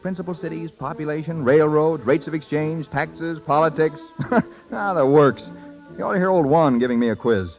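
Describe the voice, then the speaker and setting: A man's voice: fairly high pitch, moderate pace, creaky. An actor playing an eager, boyish young man in a vintage radio drama, breezy and slangy. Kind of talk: 1940s radio acting. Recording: muffled old radio recording with music.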